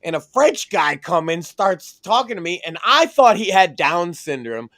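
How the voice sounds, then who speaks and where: Male podcast co-host, crude and brash, high register, loves mocking impressions. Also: big pitch swings, measured pace, a bit bright. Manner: brash, profane, mocking mimicry. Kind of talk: crude comedic podcast banter.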